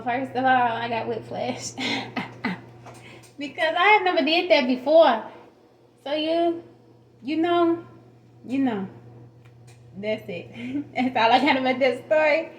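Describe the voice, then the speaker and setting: Frank, foul-mouthed woman vlogger with a higher voice, telling a story in an echoey room. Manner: frank and profane, laughs often. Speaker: music artist telling a personal story. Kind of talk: casual storytelling to camera. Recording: roomy echo.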